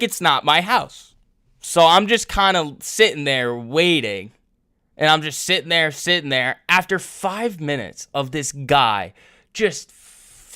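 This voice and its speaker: A young man tells a rambling story to his livestream viewers. His voice is bright and sits a bit high, with lively swings in pitch, and he takes his time, often stopping mid-sentence to restart. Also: clear, resonant tone. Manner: rambling, animated storytelling with laughs and self-interruptions. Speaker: livestream trading host.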